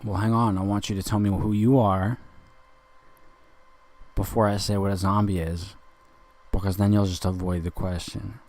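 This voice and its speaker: A man's voice: lowish voice, little pitch movement, normal speed, pauses often, a little mellow. A young man talking in a rambling, confrontational monologue, intense and lecturing, circling back over the same points. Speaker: speaker addressing a listener.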